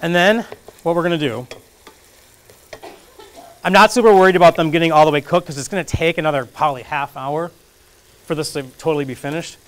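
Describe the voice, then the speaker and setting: A man's voice: a little high, fairly quick, long pauses, clean tone. Chatty man teaching a cooking class. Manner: chatty, jokey, self-deprecating, talks while cooking. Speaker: chef cooking demonstration. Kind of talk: casual live cooking class. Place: community kitchen classroom.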